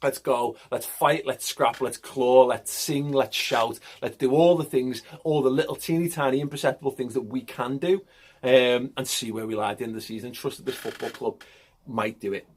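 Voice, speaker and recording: A man's voice: medium pitch, steady tone, moderate pace, slightly rough. A man giving an impassioned, emphatic monologue as a football fan vlogger, swearing and repeating himself for emphasis. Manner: emphatic, swearing, repetitive pep talk.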